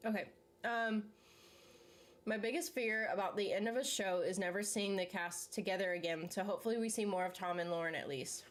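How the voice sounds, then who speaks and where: A woman's voice: medium pitch, a little fast. A young woman hosting a casual chat, rambling and filler-heavy, full of "like" and laughs. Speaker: channel host. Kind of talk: casual chat reacting to a series while eating.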